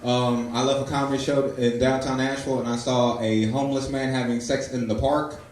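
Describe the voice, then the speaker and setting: A man in his twenties doing a stand-up comedy set, telling stories with loud acted-out quotes. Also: mid-range voice, level tone, a little fast, far from the mic. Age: 20s. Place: comedy club stage. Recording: echoey live room, audience laughter. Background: audience laughing.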